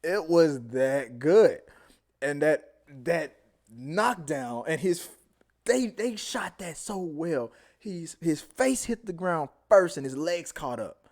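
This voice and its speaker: Rambling animated man reviewing a show. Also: a little high, slow. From Houston, Texas area. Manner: rambling, animated, trails off to mumbles. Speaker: show host. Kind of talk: casual live-stream movie review.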